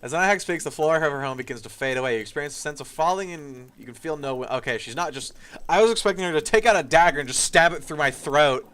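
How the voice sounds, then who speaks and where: A man's voice: fairly high pitch, quick pace, a bit bright, smooth. A man streaming a game, reading its text aloud and adding casual asides.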